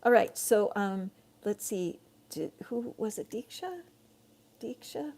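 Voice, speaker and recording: Middle-aged woman hosting a live tarot reading; loose, rambling chat with viewers, slight gravel, darker tone. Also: mid-range voice, measured pace. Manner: chatty, rambling, warmly addresses viewers. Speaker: tarot reader.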